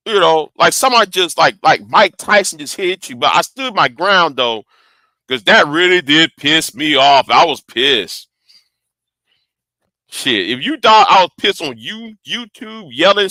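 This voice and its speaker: A man's voice: fairly high pitch, bright, forceful tone, no echo. A man telling a story casually to camera, rambling, swearing freely and often stumbling and repeating words. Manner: rambling, profane, stammering repeats. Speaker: vlogger.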